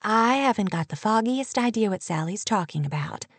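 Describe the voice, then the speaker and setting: A woman reading an audiobook, voicing a brisk, wry woman teacher with a quick delivery. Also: mid-range voice, lively intonation, no echo, natural voice.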